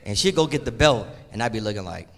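A man's voice: lowish voice, lively intonation, quick pace, a bit bright, slight background noise. A middle-aged man preaching a sermon in an emphatic, folksy way, repeating his key phrases.

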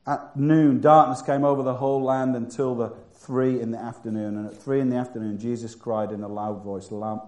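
A man preaching a sermon who moves from loud, emphatic bursts to hushed, quiet passages. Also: mid-range voice, roomy sound.

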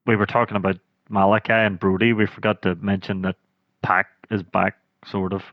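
A man's voice: on the low side, fairly quick, dry recording, dull audio. A Scottish man co-hosting a podcast, chatting casually and telling stories with lots of laughter. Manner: chatty, laughs often, animated storytelling. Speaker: podcast co-host. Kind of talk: casual chat.

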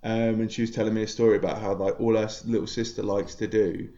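A man's voice: lowish voice, flat delivery, fast talker, mellow. Guy on a dull-sounding video call, lots of ums, chatty podcast co-host. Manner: laughing at himself, hesitant with frequent ums. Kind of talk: casual podcast chat.

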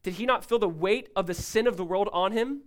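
A male pastor preaching a sermon, emphatic and rising loud, then dropping to a hushed tone, often asking listeners to follow along. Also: sits high, fairly quick. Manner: asks the congregation to follow along.

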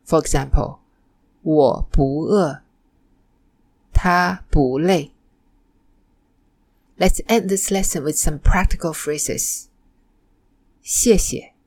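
Slow, low-voiced woman teaching Mandarin. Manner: slow, careful model pronunciation of example phrases. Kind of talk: scripted language lesson narration.

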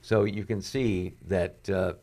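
A man, a pastor and show host, commenting on current events and reading quotes aloud, pausing often with "uh" fillers. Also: low voice, fairly even intonation, mellow. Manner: frequent "uh" fillers, reads quotes aloud with rising intensity.

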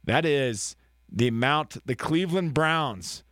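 A man's voice: a little high, animated, takes it slowly, fairly bright tone, no echo, clean studio sound. A man, co-hosting a casual sports talk show, joking and trash-talking. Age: 30s. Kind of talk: casual chat.

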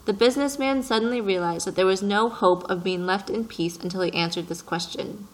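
A woman narrating a story in a calm, even audiobook reading. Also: medium pitch, fairly quick, hardly any pauses, poor audio.

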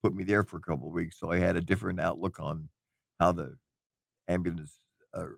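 Brief: low, gravelly male voice, dry studio, terse and matter-of-fact. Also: steady tone, a little fast, dry recording. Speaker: studio regular, former ambulance worker. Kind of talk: casual talk radio chat. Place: radio studio.

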